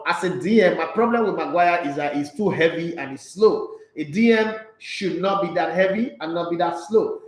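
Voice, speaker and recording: A Nigerian man hosting a casual sports live stream, reading out viewer comments and answering in a blunt, animated way, slipping into Pidgin. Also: high-pitched, echoey room, poor audio.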